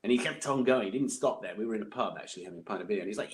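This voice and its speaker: A man talks as a podcast guest. His voice sits low, and he rambles through memories with plenty of fillers and restarts. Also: lively intonation, racing, hardly any pauses, darkish tone. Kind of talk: casual interview chat.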